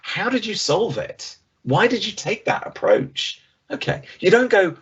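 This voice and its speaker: A middle-aged man giving an online business presentation over a video call, conversational and lively, acting out the voices he quotes. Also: high-pitched, unhurried, breathy edge, muffled recording.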